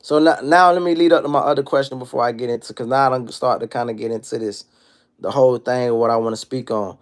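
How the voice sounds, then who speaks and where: A man in his thirties hosting a casual livestream monologue, telling stories in an animated, profane street style. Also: medium pitch, fast, smooth. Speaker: livestream host.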